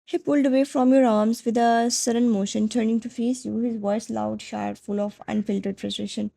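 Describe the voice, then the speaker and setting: Woman narrating fan fiction, soft dramatic telling, kinda gravelly. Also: fairly high pitch, steady tone, moderate pace, low-quality recording.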